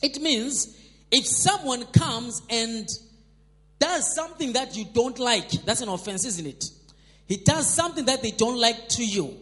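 A man's voice: extremely high pitch, lively intonation, measured pace, sharp tone. A man preaching a sermon, emphatic and repetitive, calling on the congregation to respond. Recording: long hall reverb.

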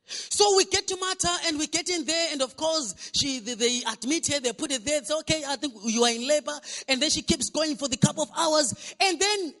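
A male pastor preaching a storytelling sermon in a church hall, animated and often repeating words as he restarts. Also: very high voice, brisk. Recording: echoey hall reverb.

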